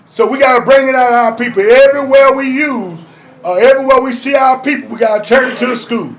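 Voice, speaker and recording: High-voiced older man preaching revolution. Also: fast, slight background noise. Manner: fiery preaching with call-and-response chants. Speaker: activist speaker. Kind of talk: rally speech. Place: community arts center stage before an audience. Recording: dull lo-fi live recording with crowd.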